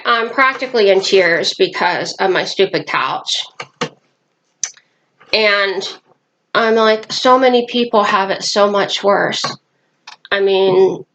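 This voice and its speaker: A woman's voice: mid-range voice, gravelly, a bit bright, muffled recording, slight background noise. A woman from Nebraska rambling through a personal vlog in her small apartment, breaking off now and then to talk to her pets. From Nebraska, United States. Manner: rambling, talks to her pets mid-sentence. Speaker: vlogger.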